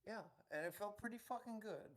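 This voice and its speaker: A man's voice: high voice, brisk. A man co-hosting a casual talk show, rambling and swearing freely and putting himself down. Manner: profane, rambling, self-deprecating. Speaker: departing co-host. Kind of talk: casual podcast chat.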